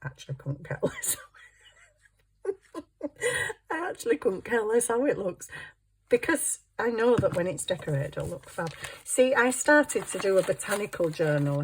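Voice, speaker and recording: Older female vlogger, low pitch, rambling and giggly while she crafts; light background hiss. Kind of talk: casual chat while crafting.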